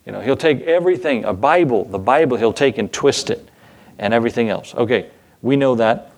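A man's voice: mid-range voice, a little fast. Folksy male pastor preaching. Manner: casual, folksy, with asides and chuckles. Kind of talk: sermon.

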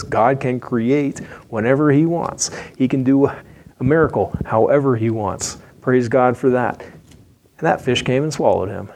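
A man preaches a sermon. He tells the story in a folksy, conversational way and mixes in humor. His voice sits at an ordinary middle pitch. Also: a little mellow.

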